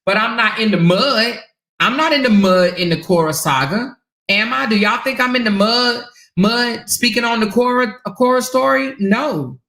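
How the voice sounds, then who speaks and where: A woman hosting her own stream, talking bluntly and swearing freely to her viewers, with laughter breaking in often. Her voice is sharp and bright, and it bounces around an echoey room. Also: a little high, normal speed. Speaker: channel host. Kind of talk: casual live-stream commentary.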